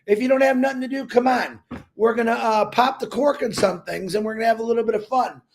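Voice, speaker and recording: A man's voice: very high-pitched, fast. A man giving a fervent, preachy motivational talk on a livestream, repeating words for emphasis. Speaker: company leader on a livestream.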